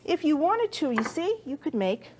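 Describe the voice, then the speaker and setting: Lively-voiced woman hosting a cooking show. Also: high-pitched, normal speed, slight background noise. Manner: warm, chatty, talks to the viewer while kneading dough. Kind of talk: chatty cooking demonstration. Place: studio kitchen.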